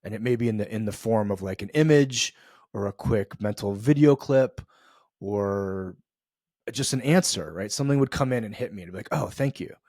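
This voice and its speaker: Low-voiced man telling a story. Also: moderate pace, a little mellow, dry recording, studio quality. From US East Coast. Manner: loose and conversational, many fillers and restarts. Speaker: podcast host. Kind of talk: reflective storytelling monologue.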